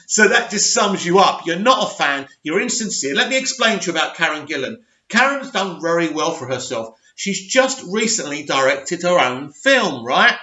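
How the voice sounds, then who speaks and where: On his own channel, this host reads out an article and tears into it with scornful sarcasm, laughing often as he rants. His voice is high-pitched, pushed, and bright, and the lo-fi audio sounds dull and echoes around the room.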